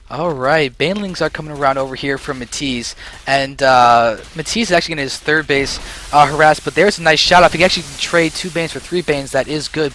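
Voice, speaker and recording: A young man giving solo play-by-play commentary on a strategy game, excitable and short of breath, speeding up then slowing down. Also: a little high, a little hiss or hum. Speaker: esports caster.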